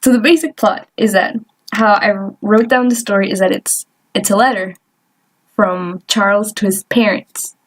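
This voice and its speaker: A woman's voice: medium pitch, moderate pace. A young woman vlogger chatting casually while she doodles, rambling and trailing off with lots of fillers and little laughs. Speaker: artist vlogger.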